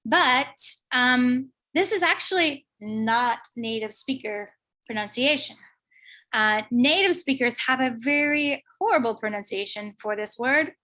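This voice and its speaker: A woman giving an online lecture, explaining slowly and thinking aloud with fillers. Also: high-pitched, pushed and bright.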